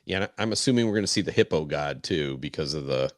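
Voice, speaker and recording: Low-voiced man chatting casually. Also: expressive, quick pace, no echo, clean studio sound. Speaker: podcast co-host. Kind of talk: casual discussion.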